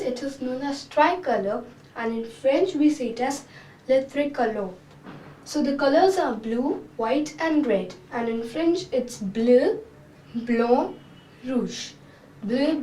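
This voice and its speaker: A young woman teaches beginner French in a high, unhurried voice. She spells out words and repeats them slowly. The room echoes and she sits a little back from the mic. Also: darkish tone, far from the mic, slight background noise. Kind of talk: slow, clear beginner lesson.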